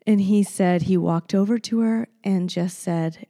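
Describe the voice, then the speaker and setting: A woman hosting a podcast alone, telling a story in casual chat, animated and blunt, laughing often and swearing freely. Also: medium pitch, unhurried, few pauses. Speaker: podcast host.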